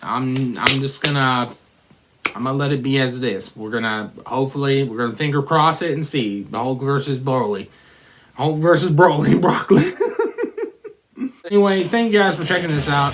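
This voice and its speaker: A man hosting a casual reaction video, talking loosely with many restarts and fillers. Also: mid-range voice.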